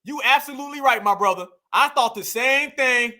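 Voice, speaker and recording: This political commentator has an extremely high-pitched voice and a sharp tone, speaking at a moderate pace. He reacts emphatically to video clips, repeating himself and addressing his viewers as family.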